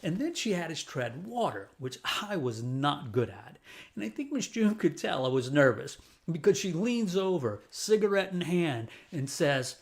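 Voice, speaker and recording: A man from New Orleans telling a personal childhood story with a lesson, in an animated and playful way. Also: fairly high pitch, moderate pace. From New Orleans, USA.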